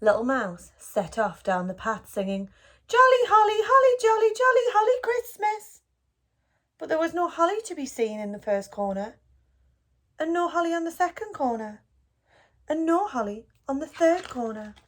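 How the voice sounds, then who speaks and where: A woman reading a children's picture book aloud for a school, in a gentle and expressive storytelling manner. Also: on the high side, normal speed.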